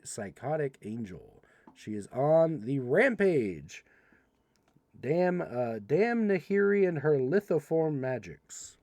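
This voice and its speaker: A young man hosts a live card-opening stream, rattling through card text and tossing playful asides to his viewers. His voice swings widely in pitch and sits a little higher than most men's. The sound is close and dry, with no room echo. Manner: animated, reads card text quickly, playful asides to chat. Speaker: livestream host opening card packs. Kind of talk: casual livestream commentary.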